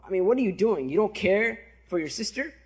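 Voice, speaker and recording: Man voicing a sly whispering devil, coaxing, persuasive, high and husky. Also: expressive, brisk, exaggerated voice.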